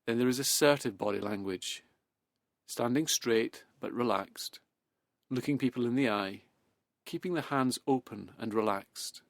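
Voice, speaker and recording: A man in calm, measured self-help talk that leads into hypnosis, slowing and softening as he goes. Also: mid-range voice, creaky, dry recording.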